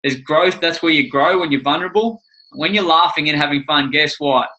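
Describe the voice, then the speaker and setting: Male life coach co-host, casual and rambling, light on his feet, bright tone. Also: fairly high pitch, fairly quick, poor audio. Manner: upbeat, rambling, jokey. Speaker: life coach co-hosting a course livestream. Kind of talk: casual livestream chat.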